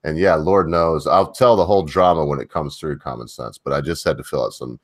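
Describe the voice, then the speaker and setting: A man's voice: extremely low pitch, a little fast, dry recording, studio quality. A man co-hosting a casual livestream chat, rambling with many fillers and restarts. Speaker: livestream co-host.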